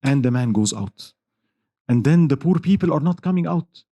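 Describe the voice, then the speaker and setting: A man's voice: medium pitch, animated, moderate pace, mellow, lo-fi sound. A male lecturer telling religious history as a dramatic story, acting out the people in it.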